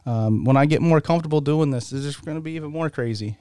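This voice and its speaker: A man's voice: on the high side, fast, few pauses, warm tone, clean tone, dry recording, clean studio sound. A man hosting his own podcast in casual solo chat, rambling and poking fun at himself, with frequent laughs. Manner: rambling, self-mocking, laughs often. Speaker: podcast host.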